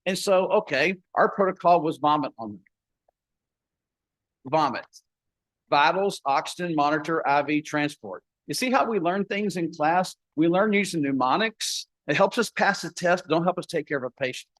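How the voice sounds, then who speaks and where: A folksy older man tells stories at a conference, slipping into the voices of the people in them. His voice sits a little high for a man. The sound is dry and close, with no room echo. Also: expressive, moderate pace, fairly bright tone. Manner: folksy, acts out dialogue in his story. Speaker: paramedic educator. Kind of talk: conference talk with storytelling.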